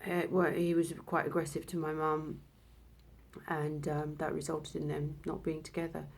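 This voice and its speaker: Woman in her 30s, lowish voice, talks haltingly about something emotional, lots of restarts. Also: flat delivery, vocal fry. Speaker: vlogger. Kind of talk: personal storytelling to camera.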